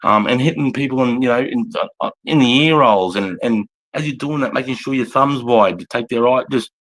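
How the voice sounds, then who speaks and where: A man's voice: mid-range voice, brisk, a bit bright. An Australian man, an army veteran, telling blunt, profane, rambling stories casually on a livestream.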